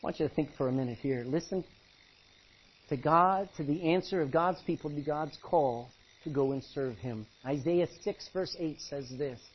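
A man preaching a sermon, acting out Bible characters and swinging between hushed and loud delivery. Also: a little high, moderate pace, slightly rough, dull audio. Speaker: pastor.

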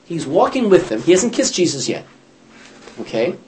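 Male Bible study teacher, very animated pitch, chatty storyteller, slightly high voice. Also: moderate pace, a little hiss or hum. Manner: animated, chatty storytelling with self-corrections and laughs.

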